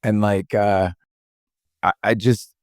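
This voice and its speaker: A man co-hosting a podcast, asking the guest halting, hesitant questions. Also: fairly low pitch, flat delivery, no echo, clean studio sound. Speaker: podcast co-host. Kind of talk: casual interview questions.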